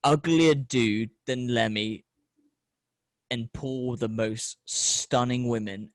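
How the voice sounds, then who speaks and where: A man, middle-aged, hosting a casual chat and telling rambling, sweary stories with animated quoted voices. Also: medium pitch, takes it slowly, no echo. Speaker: podcast host.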